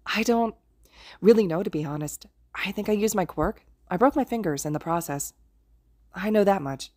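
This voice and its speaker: A woman voicing a nervous, eager teenage boy hero who stammers and gushes in a quick, excitable voice. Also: medium pitch, dry recording, studio quality, close to an everyday voice.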